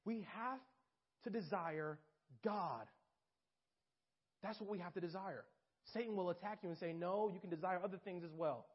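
High-voiced young preacher, lo-fi. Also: male voice, moderate pace, long pauses, breathy edge. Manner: animated, talks straight to listeners, acts out quotes. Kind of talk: informal sermon. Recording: dull lo-fi recording.

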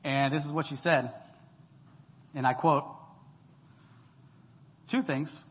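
Guy pastor preaching casual and funny, kinda high voice, echoey church hall, dull sound. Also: slow. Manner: lively, joking, talks straight to the congregation. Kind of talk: conversational sermon.

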